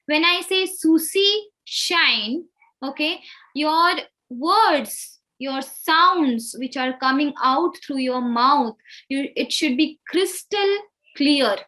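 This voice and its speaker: A woman soft skills trainer teaching pronunciation in a live online class, speaking deliberately and over-enunciating her examples. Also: sits high, animated.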